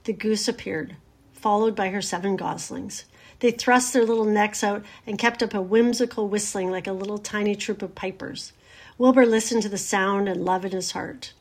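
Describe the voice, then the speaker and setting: A woman reading a children's storybook aloud in a gentle, measured way. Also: mid-range voice, fairly even intonation, breathy edge.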